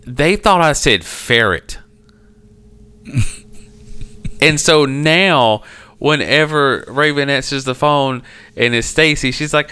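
A man's voice: slow, long pauses, clean tone. A man chatting casually with a friend, swearing a lot and acting out the people in his stories in a raised voice. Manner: animated storyteller, swears a lot, acts out quoted people in a high voice. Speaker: podcast co-host. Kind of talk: casual chat.

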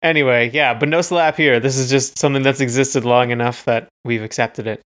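A man with an ordinary mid-range voice chats casually as a podcast co-host. He sounds relaxed and wry, and now and then pauses on a filler. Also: mid-range voice. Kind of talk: casual chat about music.

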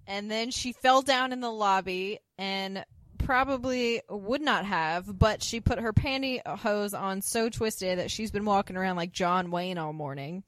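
A woman co-hosting a podcast, retelling an episode in casual chat as an animated storyteller who laughs often. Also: medium pitch, unhurried, few pauses, no echo. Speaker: podcast co-host.

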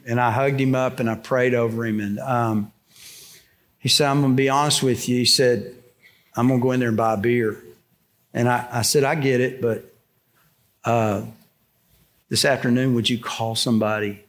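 An older man preaching a sermon, telling a story conversationally with restarts, dropping low and soft for quoted lines. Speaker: pastor.

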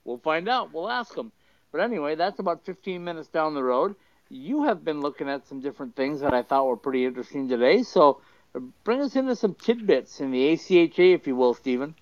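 A man's voice: fairly high pitch, animated, brisk, a little mellow, dry recording, dull audio. A man co-hosting a casual sports talk show, easygoing and encouraging, with frequent fillers. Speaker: co-host. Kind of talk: casual sports radio chat.

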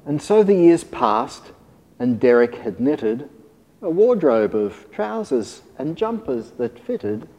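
Male storyteller, expressive sing-song delivery, lively pitch, mellow tone, in a reverberant hall. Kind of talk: rhyming storybook read-aloud.

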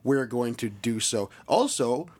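Hoarse-voiced male podcast co-host, easygoing and chatty, mid-pitched. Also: lively intonation, a little slow, darkish tone. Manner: easygoing, chatty, laughs often. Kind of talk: casual chat.

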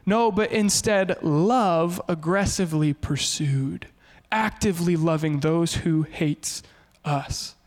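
Brief: pastor in his thirties, high voice, lively humorous preaching. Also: slow pace, few pauses. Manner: animated, humorous storytelling. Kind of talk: sermon.

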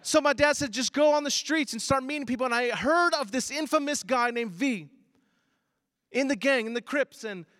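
Male pastor, 30s, high voice, bold sermon delivery, sudden quiet asides, dry close sound. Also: normal speed, no echo. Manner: animated preacher, swings between loud emphasis and low asides.

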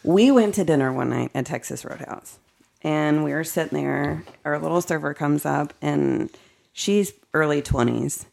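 Gravelly-voiced woman telling stories. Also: low voice, normal speed. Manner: animated storyteller, emphatic. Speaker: podcast guest, co-owner. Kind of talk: casual chat.

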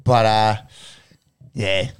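A man's voice: on the low side, steady tone, drawn-out words, smooth. A man co-hosting a casual sports podcast, chatty and jokey, with frequent restarts. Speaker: podcast co-host. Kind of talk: casual chat.

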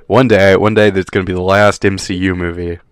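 A man's voice: low voice, level tone, brisk, smooth, no echo, studio quality. A man co-hosting a podcast in casual chat, chatty and amused, laughing often. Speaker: podcast co-host.

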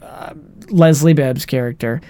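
Give me a man recapping a movie on a podcast, animated and chatty, his voice dry and close. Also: medium pitch, smooth, no echo. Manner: animated retelling, acts out scenes in quick voices. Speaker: podcast co-host. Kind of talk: casual movie recap chat.

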